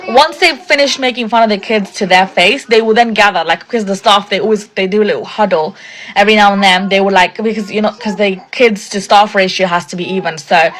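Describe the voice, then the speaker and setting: Young woman, casual indignant storyteller, middle pitch, filler-heavy. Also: brisk, a bit bright. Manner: indignant, chatty, lots of "like" fillers.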